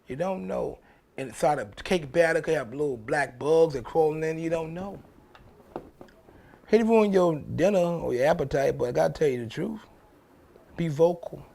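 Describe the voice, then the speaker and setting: A man's voice: fairly high pitch, vocal fry, a little mellow. A man, hosting his own show in a blunt, profane casual monologue that repeats points for emphasis. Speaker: show host.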